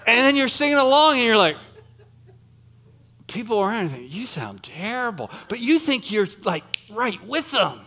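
A middle-aged man preaches in a church with a bright, fairly high voice. He is from Pennsylvania and keeps the sermon chatty, teasing himself and joking with the congregation. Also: big pitch swings, moderate pace. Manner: chatty, self-deprecating, jokes with the congregation. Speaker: pastor. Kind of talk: sermon with humorous asides. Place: church sanctuary.

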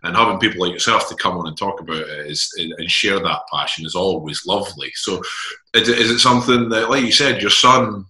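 A man's voice: sits low, a little fast, sharp tone, echoey room, rough recording. A man hosting his own channel, chatting with a guest in a friendly, somewhat stammering way. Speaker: channel host. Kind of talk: casual interview chat.

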